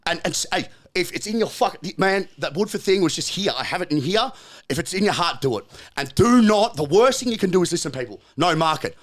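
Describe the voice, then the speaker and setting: A man's voice: high voice, expressive, brisk. A man on a podcast, ranting brashly and profanely in a motivational tone. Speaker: podcast guest. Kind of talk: casual podcast chat.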